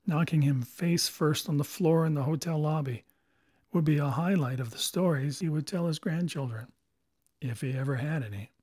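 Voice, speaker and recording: Guy reading an audiobook, bit husky, fairly high voice, dry close mic. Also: a little mellow, no echo. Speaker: narrator. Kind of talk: audiobook narration.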